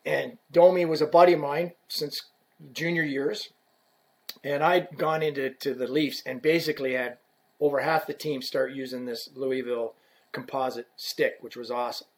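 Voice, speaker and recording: A middle-aged man telling a lively, profane workplace story in a casual chat, acting out the people he quotes. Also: mid-range voice, moderate pace. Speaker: guest telling stories from work as a stick rep.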